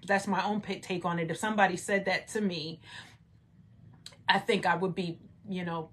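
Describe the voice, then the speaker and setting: A woman's voice: fairly low pitch, steady tone, moderate pace, a bit bright. A woman leading a Bible study, reading scripture and commenting in a conversational way, often adding "right?" and rising to emphatic exclamations. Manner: conversational, rhetorical "right?" asides.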